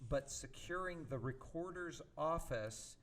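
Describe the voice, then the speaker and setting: A man's voice: fairly high pitch, lively intonation, a little slow, fairly bright tone. A man hosting a talk radio show who asks his guest direct, probing questions. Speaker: host.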